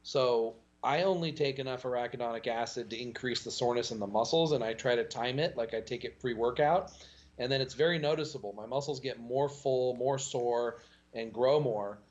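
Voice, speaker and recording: A man talking as a podcast guest, in a casual, animated storytelling way. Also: normal speed, highs cut off. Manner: animated storytelling with pitch jumps and laughs.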